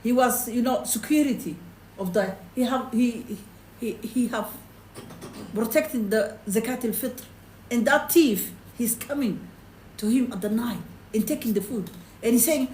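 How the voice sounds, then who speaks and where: In an echoey room with a little background noise, a woman with a high voice teaches a hadith to a small class. After reciting the Arabic rapidly, she animatedly retells it in plain, broken English, moving back and forth between Arabic and English.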